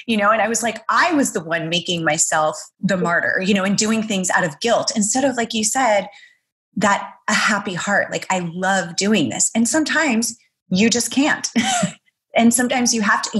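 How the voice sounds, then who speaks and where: Animated woman podcast host. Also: medium pitch, moderate pace. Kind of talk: casual podcast interview.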